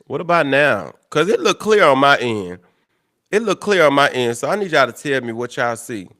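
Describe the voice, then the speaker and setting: Speaking at a moderate pace in a sing-song, medium-pitched voice, this young livestream host talks casually with his viewers. He's blunt and profane, cursing loudly in exasperation over technical problems.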